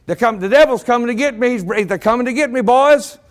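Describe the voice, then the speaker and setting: A man voicing a dying old man who shouts and wails in panic. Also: very high voice, fairly quick, voice pushed up. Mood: panicked.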